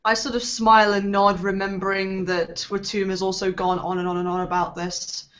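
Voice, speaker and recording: A woman at mid pitch talks through her character's moves at a tabletop game, loose and chatty with plenty of ums. The recording is a bit dull and lo-fi. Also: level tone, moderate pace, fairly bright tone. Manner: chatty with many fillers. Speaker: player. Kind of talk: tabletop role-play chat.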